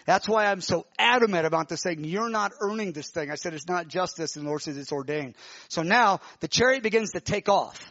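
A man preaching, telling a vision in an animated, emotional way with many restarts. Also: high-pitched, a little fast, few pauses, no room sound, dull audio. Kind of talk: sermon testimony, telling a vision.

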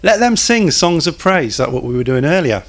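A man's voice: on the high side, sing-song, normal speed. A man preaching a sermon in a church, talking conversationally, putting questions to the congregation and cracking small jokes.

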